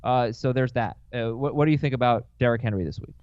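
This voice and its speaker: A man hosting a casual sports chat show in a studio, quick and questioning as he steers his panel. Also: medium pitch, darkish tone, no room sound, muffled recording. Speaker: show host.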